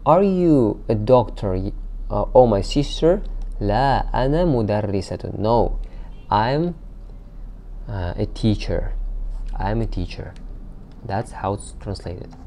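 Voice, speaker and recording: A man teaching a recorded language lesson. He reads out example sentences, then explains them slowly with frequent hesitations and fillers. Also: lowish voice, warm tone. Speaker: Arabic teacher.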